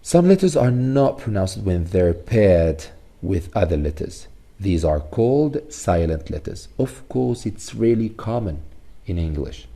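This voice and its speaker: A male teacher giving a recorded phonics lesson, explaining slowly and repeating sounds and example words. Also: sits low, gravelly, dark tone.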